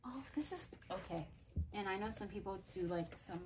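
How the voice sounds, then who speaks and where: With an expressive, medium-pitched voice at a moderate pace, this woman gushes over the planners she's showing off in a relaxed haul chat, thinking aloud throughout. There's noise behind her.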